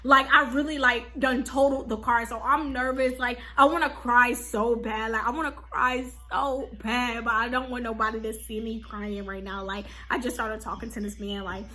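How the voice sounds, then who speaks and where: A young woman vlogger telling a casual storytime, animated and slangy, full of "like" and "okay?". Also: fairly high pitch, moderate pace, hardly any pauses.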